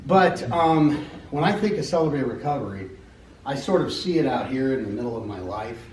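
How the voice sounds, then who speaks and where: A man's voice: medium pitch, lively intonation, normal speed, slight background noise. A middle-aged American man giving an unscripted personal testimony at a church meeting, rambling and joking as he tells stories. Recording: echoey hall from a distance.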